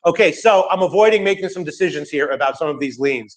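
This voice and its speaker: A man's voice: on the high side, animated, fast talker, poor audio. A young man giving sports betting picks in casual chat, rambling with restarts and joking asides.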